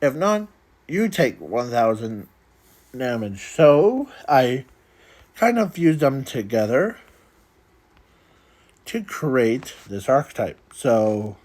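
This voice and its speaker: A man hosting a casual card review video, talking in a halting way with many restarts. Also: mid-range voice, big pitch swings, a little mellow. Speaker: video host reviewing custom cards.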